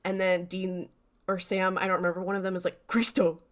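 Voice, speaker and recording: A woman's voice: fairly low pitch, brisk. A young adult woman co-hosting a podcast, casually recapping a TV episode and quoting the characters with laughs. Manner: lively, quotes characters with laughter. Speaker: podcast co-host.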